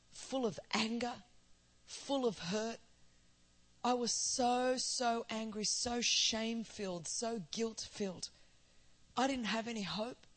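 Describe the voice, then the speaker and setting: A woman in her forties with an Australian accent, preaching a sermon that tells her own story and builds to emphatic declarations. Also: medium pitch. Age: 40s. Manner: storytelling, rising to emphatic proclamation. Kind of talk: sermon testimony.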